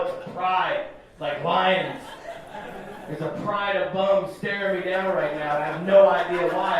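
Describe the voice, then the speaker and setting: A young man in his twenties doing a stand-up comedy set, telling a story in a loose, profane way with asides to the crowd. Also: high voice. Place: comedy club stage. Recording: echoey club room from far off with crowd. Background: audience laughter.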